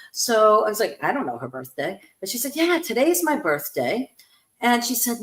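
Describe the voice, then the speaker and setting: Animated woman telling a story, roomy sound. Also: medium pitch. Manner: animated storyteller, acts out quoted voices. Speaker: host, spiritual medium. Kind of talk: storytelling on a talk show.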